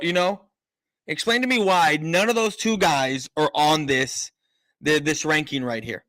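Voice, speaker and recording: A man's voice: a little high, sharp tone, no echo. A man hosting a live-stream sports show, ranting emphatically and repeating himself for effect. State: out of breath. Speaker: sports talk host.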